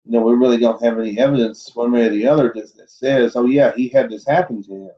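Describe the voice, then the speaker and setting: A man's voice: medium pitch, steady tone, quick pace, dull audio. A man hosting a casual livestream show, reading odd news stories aloud and commenting on them bluntly and with doubt. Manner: skeptical, blunt asides with chuckles. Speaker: host of a cryptid livestream show.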